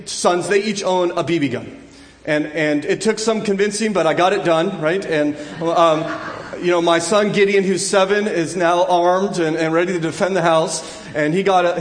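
A man in his thirties delivers a sermon in a bright, high voice, speaking casually with restarts and jokes. He swells into loud, emotional cries at key moments. The sound carries the echo of a large hall. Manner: conversational, frequent restarts and asides, rising to loud emotional cries. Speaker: pastor.

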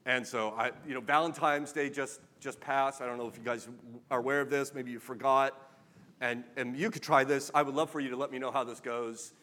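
A man's voice: medium pitch, fairly even intonation, brisk, bright, forceful tone. A man preaching a sermon in a conversational, wry way, pressing his points with emphatic questions. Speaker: pastor.

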